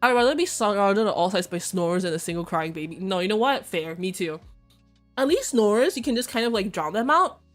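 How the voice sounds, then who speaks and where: A young woman streaming, talking casually and candidly, swearing freely and breaking into excited shrill outbursts. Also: a little fast, faint music behind. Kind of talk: casual chat.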